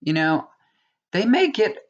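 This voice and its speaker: A chatty woman with a lilt talks through a tarot reading, circling back and restarting her sentences. Her pitch sits mid-range. The recording sounds a little dull and lo-fi. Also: big pitch swings, slow. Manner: chatty, rambling with many restarts, asks viewers "okay?". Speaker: tarot reader. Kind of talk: casual monologue reading.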